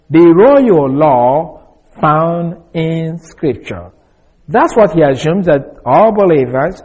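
A man with a somewhat higher, husky voice teaches scripture verse by verse. He speaks deliberately, explaining word meanings and restating each main point. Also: dark tone, rough recording. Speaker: Bible teacher.

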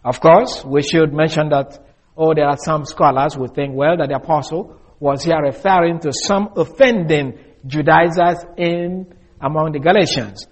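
A man preaching an expository Bible teaching, measured and deliberate, slowing down to stress key words. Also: a little high. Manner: measured, deliberate, with restarts and slow emphasis.

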